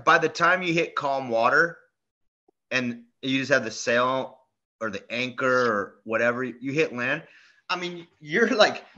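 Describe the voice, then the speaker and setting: A man co-hosting a podcast in casual chat, telling stories in a rambling, animated way full of fillers and restarts. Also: mid-range voice. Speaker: podcast co-host. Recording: dull lo-fi sound.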